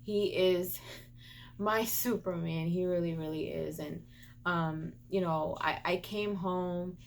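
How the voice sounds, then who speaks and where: A woman vlogger telling a personal story in an emotional, animated way, stumbling over her words and turning into an indignant scolding rant. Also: on the low side, slow pace, creaky, a little hiss or hum. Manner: emotional, animated retelling with repeated stumbles and restarts. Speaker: beauty and gaming vlogger.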